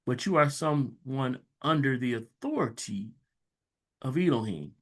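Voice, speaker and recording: A man reading scripture aloud slowly and stopping to explain it in loose, conversational asides, like a Bible teacher. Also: mid-range voice, lively intonation. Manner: reads verses slowly, then breaks into loose conversational asides. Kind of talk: scripture reading with casual commentary.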